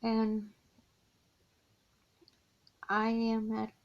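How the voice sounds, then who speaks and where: A middle-aged woman talks slowly and wearily, a gravelly rasp running under her fairly high voice. She confides from a guest room in her mother's house, with sighs between her thoughts. The home recording sounds dull and lo-fi. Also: fairly even intonation, darkish tone. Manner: weary, heartfelt, slow confiding talk with sighs. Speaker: crochet vlogger caring for her mother. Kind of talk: personal confessional vlog.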